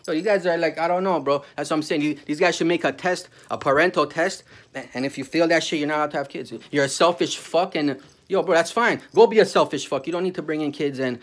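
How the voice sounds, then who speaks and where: A man in an angry, profane monologue, peppering his talk with "bro" and "yo" and swinging from muttering to shouting. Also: fairly high pitch, fast talker. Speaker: vlogger.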